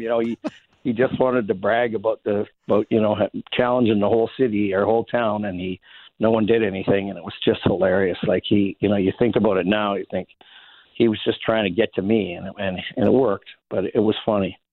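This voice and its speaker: Ex-hockey man, low voice, rambling anecdotes, phone-quality, dry sound. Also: flat delivery, brisk, dry recording. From Saskatchewan, Canada. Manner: rambling, many restarts, chuckles through stories. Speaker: interview guest, former hockey player. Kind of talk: casual anecdotal storytelling. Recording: phone-like narrow band, dry.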